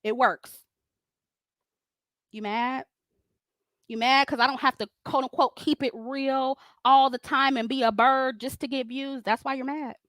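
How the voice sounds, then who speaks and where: A woman's voice: fairly high pitch, fairly bright tone, no room sound, clean studio sound. A woman hosting a livestream, ranting at critics in a confrontational, profane way, laughing often as she reads super chats.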